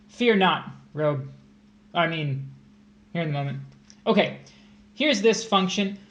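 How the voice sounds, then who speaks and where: A man tutoring test prep on a casual livestream, joking and rambling as he explains math. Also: high voice. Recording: echoey room, faint hiss.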